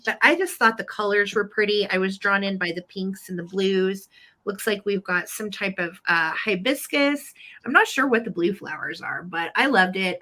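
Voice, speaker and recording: A woman's voice: medium pitch, sharp tone. A woman hosting a live online vintage sale, chatty and upbeat as she describes each item. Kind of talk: live online sales chat.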